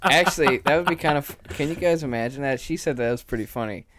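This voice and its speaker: A man's voice: fast talker, a crowd in the background. A young man who is a guest on a podcast, chatting casually, swearing and joking. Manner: swearing, joking, lively pitch. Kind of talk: casual chat.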